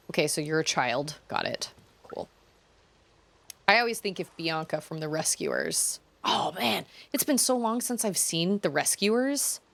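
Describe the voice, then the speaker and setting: A woman playing through a video game and chatting casually to viewers. She is self-deprecating and often trails off mid-thought. Her voice sits a little low for a woman. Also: very animated, a little slow, creaky, fairly bright tone. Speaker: game streamer. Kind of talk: casual let's-play commentary.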